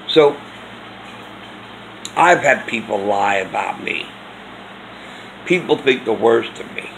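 A man's voice: medium pitch, animated, slow pace, pauses often, fairly bright tone, slight background noise, rough recording. A man earnestly telling a personal story in a rambling way for his vlog. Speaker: vlogger.

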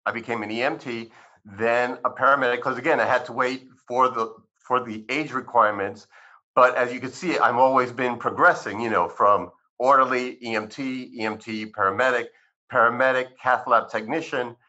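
A man in his fifties tells his personal story as an interview guest, his voice bright and forceful. He acts out past conversations with lively switches. The recording sounds a little dull and lo-fi. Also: medium pitch, moderate pace. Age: 50s. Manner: animated storyteller who acts out dialogue. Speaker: physician guest.

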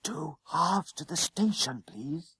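A man's voice: sits high, very animated, normal speed, husky, dry recording, voice pushed up, full character voice. A man doing an anxious whispering schoolboy. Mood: nervous. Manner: hushed, anxious and urgent.

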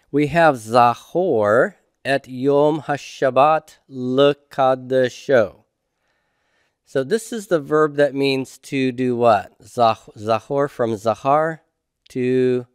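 A man's voice: medium pitch, smooth, dry recording, studio quality. A man teaching a homework review lecture, patiently asking questions and answering them himself. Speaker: Hebrew instructor.

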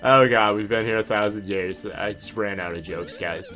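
A man's voice: fairly low pitch, normal speed, hardly any pauses, pushed and bright, soft background music. A man casually commenting on a video game playthrough, chatty and joking as he reads game dialogue aloud. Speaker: let's play host.

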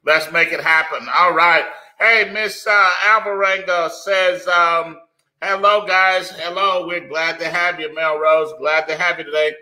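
A man hosting a live online business call, greeting callers by name with energetic hype. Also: a little high, measured pace, low-quality recording. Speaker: host of an online business presentation.

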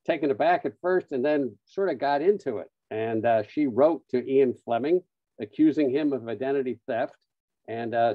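A man presenting a webinar, telling an anecdote-filled story with frequent "uh" pauses. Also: medium pitch, no echo. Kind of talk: storytelling talk. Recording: dull lo-fi online audio, dry.

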